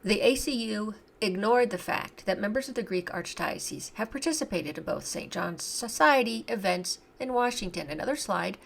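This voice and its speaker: A woman with a gravelly, creaky voice reads passages aloud as a commentator. She breaks off often to react with scorn and indignation. Her pitch sits in the middle range. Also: lively intonation, normal speed, few pauses, a bit bright. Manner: indignant, scornful asides between read quotes. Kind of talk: reading and commenting on a document.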